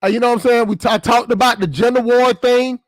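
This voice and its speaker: A man with a high-pitched voice talks straight to his viewers in a loose, rambling vlog. He swears freely and keeps restarting and repeating his phrases. The recording is dry and close. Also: steady tone, quick pace, no echo. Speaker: channel host. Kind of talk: casual vlog monologue.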